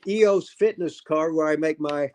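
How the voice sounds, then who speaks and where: Gruff old guy in his 70s rambling on a livestream, kinda high voice, keeps restarting. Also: measured pace, a little mellow. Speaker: host. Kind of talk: casual livestream chat.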